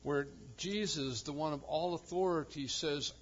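A male pastor preaching a sermon with emphasis, swinging from loud proclamation to quiet intensity. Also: a little high, unhurried, hardly any pauses, dull audio.

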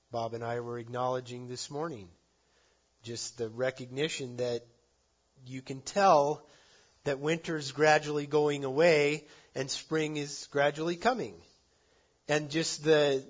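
A man preaching a sermon, earnest, rising to loud emphasis and dropping to soft endings. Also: medium pitch, husky, lo-fi sound. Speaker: pastor.

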